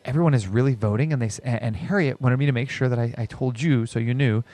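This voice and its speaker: A man's voice: mid-range voice, quick pace, warm tone. A man from Texas co-hosting a live class, reading viewer comments in a hesitant way and often stumbling over his words. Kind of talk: casual chat.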